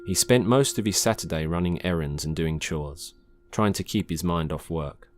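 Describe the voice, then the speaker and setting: A man reading his own short science-fiction story aloud in a calm, measured narration. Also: sits low. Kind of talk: scripted narration.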